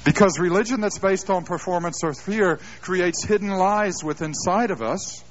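A middle-aged man preaching a sermon, telling stories with self-deprecating humor and an animated delivery. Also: high voice, moderate pace. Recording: dull lo-fi live sermon tape.

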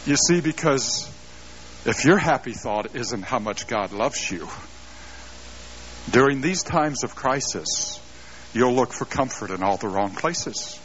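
A middle-aged man preaching a sermon, telling stories with self-deprecating humor and an animated delivery. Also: mid-range voice, slow pace, slight background noise. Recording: dull lo-fi live sermon tape.

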